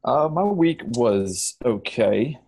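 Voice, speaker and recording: A man's voice: mid-range voice, animated, slow, a little mellow, slightly rough. A man co-hosting a casual podcast with friends, laid-back and plain-spoken. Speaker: podcast co-host.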